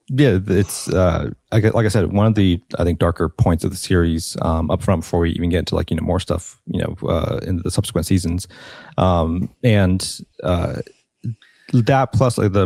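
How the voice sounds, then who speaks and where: Low-pitched male host, dry sound, thoughtful and halting, casual panel talk. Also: steady tone, gravelly, darkish tone, dry recording. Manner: thoughtful, many fillers and restarts. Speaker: podcast host.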